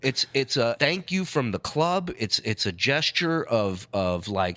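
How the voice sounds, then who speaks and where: Bright, dry-sounding podcast co-host. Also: male voice, mid-range voice, lively intonation, slow pace, hardly any pauses, dry recording. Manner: profane, emphatic storyteller. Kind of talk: casual mocking chat.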